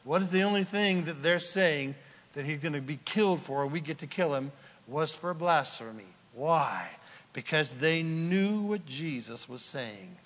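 A man preaches in a big church sanctuary, his high voice swinging widely in pitch as he fires questions at the congregation. The words come at an unhurried pace and ring out with a long hall reverb. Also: animated, fairly bright tone. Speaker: pastor. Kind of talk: sermon.

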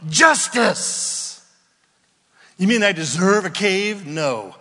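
A man preaching a sermon, swinging from loud outbursts down to near whispers. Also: a little high. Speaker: pastor. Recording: long hall reverb.

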